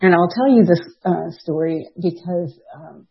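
A middle-aged woman, sharing a personal recovery testimony in an animated, storytelling way, laughing and acting out quotes. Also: on the low side, measured pace, highs cut off. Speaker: recovery meeting speaker.

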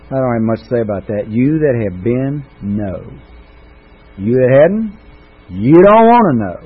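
A man's voice: medium pitch, lively intonation, measured pace, slightly rough. A middle-aged man giving a recovery meeting testimony, telling his story with folksy, self-mocking humor. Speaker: recovery speaker. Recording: tinny phone-like recording with faint noise.

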